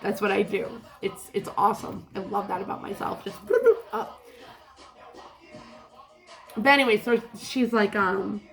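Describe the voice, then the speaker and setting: A woman's voice: mid-range voice, unhurried, vocal fry, pauses often, faint music behind. A woman telling a rambling story in a casual vlog, laughing often and swearing freely. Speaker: vlogger.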